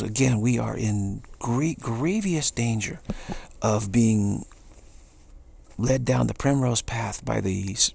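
Gravelly low-voiced man, earnest. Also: no echo. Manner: earnest, repeats key phrases, halting restarts. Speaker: spiritual speaker. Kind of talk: earnest spiritual talk monologue.

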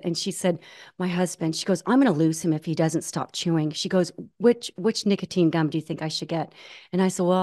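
A woman guest telling stories in an earnest, animated way, acting out the voices she quotes. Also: fairly low pitch. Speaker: guest, ultramarathon runner. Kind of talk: conversational storytelling.

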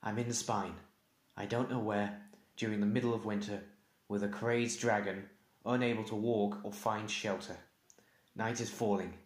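A man's voice: lowish voice, fairly even intonation, normal speed, close to an everyday voice. A man doing a hurt, frustrated farm boy. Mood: despairing. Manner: pleading and exasperated. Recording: echoey room.

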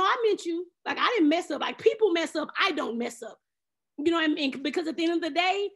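A woman, giving a casual devotional talk on a video call, lively and preachy, often laughing and acting out her own thoughts. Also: extremely high pitch, creaky. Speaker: speaker at an online faith round table.

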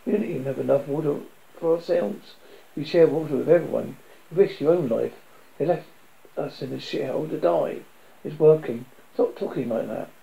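A man's voice: on the high side, normal speed, creaky, mellow, rough recording. A man voicing a blunt, pessimistic man in a read-aloud story. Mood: bitter. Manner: barking and blunt.

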